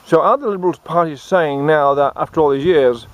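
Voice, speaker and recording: A man with an Australian accent delivering a satirical monologue, giving deadpan, sarcastic mock advice outdoors. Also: fairly high pitch, brisk, dry recording, dull audio.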